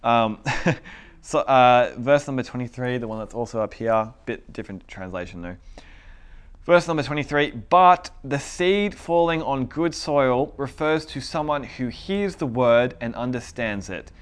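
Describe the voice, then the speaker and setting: A man preaching a sermon in a relaxed, conversational way, often repeating phrases and laughing between points, and growing louder when he urges his listeners. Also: mid-range voice, a little slow, clean tone.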